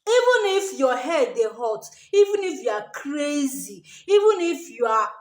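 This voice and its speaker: A Nigerian woman with a high voice that leaps all over as she lectures with emphasis. She keeps repeating her point and tacking "okay?" onto her advice. The room gives her voice a noticeable echo. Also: very animated, a little slow. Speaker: vlogger giving advice. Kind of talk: casual advice talk to camera.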